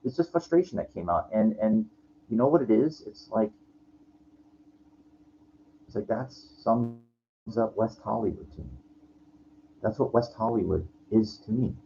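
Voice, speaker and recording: A man in his forties with a lowish voice vents in a rambling, profane personal rant. He restarts his sentences again and again, and the recording is lo-fi with faint noise underneath. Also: lively intonation, a little slow, creaky, pauses often, dark tone. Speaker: vlogger. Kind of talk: frustrated personal rant to camera.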